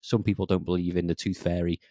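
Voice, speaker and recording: A man with a deep, low voice talks quickly in a relaxed podcast chat. He gets animated, jumping up in pitch to act out quoted remarks, and the sound is dry and close. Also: no room sound. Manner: animated, acts out quoted lines in a raised voice. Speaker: podcast co-host. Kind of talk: casual chat.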